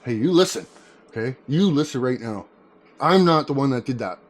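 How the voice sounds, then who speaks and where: A man's voice: medium pitch, expressive, normal speed. An older man, rambling through a crude comedic rant to the camera, swinging between mock anger and laughter. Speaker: vlogger.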